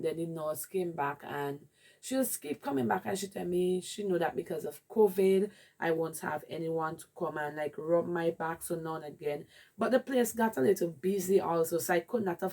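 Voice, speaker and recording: A woman with a Jamaican accent candidly telling a rambling personal story in a vlog. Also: lowish voice. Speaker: vlogger.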